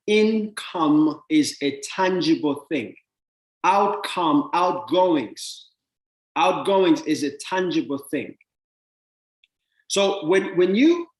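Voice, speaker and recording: A man giving an animated motivational talk about money, often repeating words and acting out little exchanges with other people. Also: a little high, reverberant, poor audio. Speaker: speaker teaching about money.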